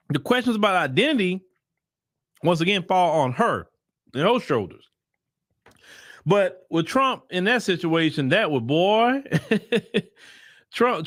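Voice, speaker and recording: Man, high-pitched voice, dry close sound, emphatic political commentary, casual vernacular, repeats for emphasis. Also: a bit bright, dry recording. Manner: casual vernacular talk to viewers. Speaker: political commentary channel host.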